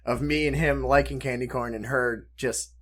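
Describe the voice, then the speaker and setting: A man's voice: medium pitch, fairly even intonation, normal speed. A man co-hosting a podcast, chatting casually with friends. He talks in a crude, laid-back way, full of jokes and swearing. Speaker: podcast co-host. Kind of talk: casual chat.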